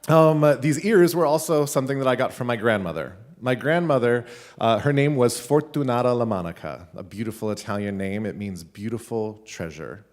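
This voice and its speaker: A man, a teacher, telling a funny personal story live at a school event, animated and laughing between lines. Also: medium pitch, a little fast. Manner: animated, laughing, with many "like" fillers.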